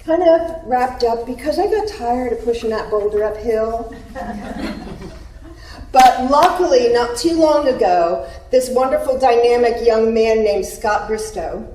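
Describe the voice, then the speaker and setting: A woman's voice: fairly high pitch, animated, unhurried, mellow, slight background noise. A woman who owns a spa talks chattily and unhurriedly at a community event, laughing now and then. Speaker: spa owner and group founder. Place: event room. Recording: echoey room from far off.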